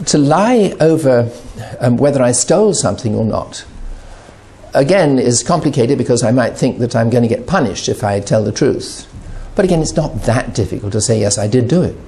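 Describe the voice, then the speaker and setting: Gravelly, animated man talking. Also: mid-range voice, moderate pace. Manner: animated, acts out quoted voices. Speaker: addiction recovery speaker. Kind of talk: reflective talk on addiction.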